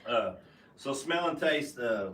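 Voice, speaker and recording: A man's voice: medium pitch, animated, fairly bright tone, far from the mic, a little hiss or hum. Man reviewing bourbon in a roomy basement. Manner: halting, full of restarts and fillers. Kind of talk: casual tasting review. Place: home basement room.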